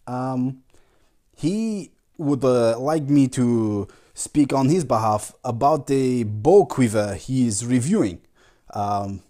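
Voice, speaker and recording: A man's voice: medium pitch, warm tone, pitched below the performer's own voice, close to an everyday voice. A man voicing a pompous foreign archery champion who halts and searches for words, with a congested nasal voice. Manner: halting, searching for words, mock foreign phrasing.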